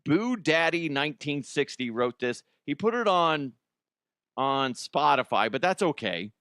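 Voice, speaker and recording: Animated, rambling male podcast host. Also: on the high side, measured pace, clean tone, no echo, clean studio sound. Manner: rambling, self-mocking, laughs at his own jokes. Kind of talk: solo comedy podcast monologue.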